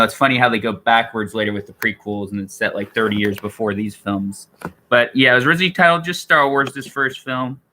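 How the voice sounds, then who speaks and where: A man's voice: on the low side, bright, forceful tone, slight background noise. A man talking casually on a live stream, rambling with many fillers and restarts.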